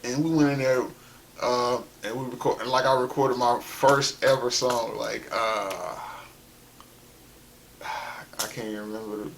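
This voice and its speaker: A man's voice: mid-range voice, steady tone, unhurried, pauses often, a bit bright, a little hiss or hum. A man from South Carolina, telling his life story in a loose, conversational way with lots of "you know" and "like". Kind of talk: casual spoken storytelling.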